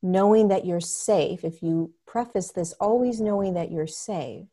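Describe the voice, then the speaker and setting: This spiritual teacher, a woman appearing as a guest, talks with earnest emphasis in a casual conversation and frequently acts out other people's words. She has a lowish, dark-toned voice and a measured pace.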